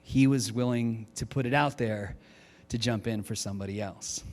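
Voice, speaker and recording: Animated pastor in a reverberant hall. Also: male voice, medium pitch, normal speed, faint music behind. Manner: animated, lively storytelling with acted-out quotes. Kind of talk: storytelling sermon.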